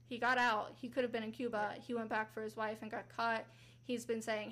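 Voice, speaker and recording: Brief: female podcast host, slightly high voice, casual true-crime narrator, chatty. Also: flat delivery, brisk, a bit bright. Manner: chatty, acts out quotes with rising pitch.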